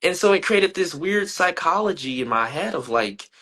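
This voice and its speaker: A young man talks through his life as an artist in an interview, earnest and thoughtful. His voice is bright and forward at an average pitch, and he gets animated as his stories build. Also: a little slow, breathy edge. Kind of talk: reflective interview answers.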